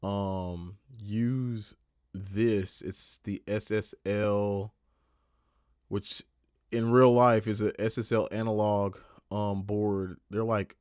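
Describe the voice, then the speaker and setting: A man's voice: lowish voice, steady tone, drawn-out words, a little mellow, smooth, no echo, clean studio sound. A man who produces and mixes music, talking casually on a livestream tutorial in a loose, rambling way that often corrects itself. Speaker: music producer and mix engineer.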